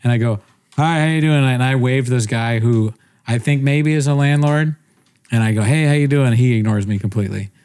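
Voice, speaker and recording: A young man spins a loose, rambling tale on a casual podcast, his voice sitting at an ordinary middle pitch. He keeps cutting himself off and restarting, laughing along the way as he talks. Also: brisk, darkish tone, smooth. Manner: rambling, self-interrupting, laughs often. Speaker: podcast co-host. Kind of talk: casual storytelling chat.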